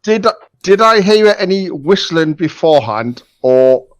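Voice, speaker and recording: A middle-aged man playing a tabletop game, playful and quick with jokes. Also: on the high side, expressive. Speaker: player.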